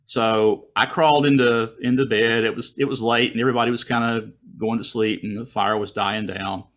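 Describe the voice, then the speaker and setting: Animated male storyteller on a video call. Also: medium pitch, moderate pace. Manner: animated, acts out his own thoughts in a raised voice. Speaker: guest storyteller. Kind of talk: casual personal storytelling.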